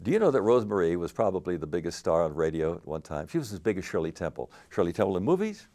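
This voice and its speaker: An older man, a game show host, telling stories in an interview with lively animated delivery. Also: low voice, fast. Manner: animated anecdotal storytelling with laughs. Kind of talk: storytelling interview.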